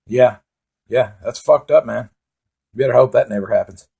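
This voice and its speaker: A man's voice: mid-range voice, moderate pace, creaky, dark tone, husky. A man telling profane, rambling comic stories in a casual monologue. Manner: profane, rambling, laid-back storytelling with laughs.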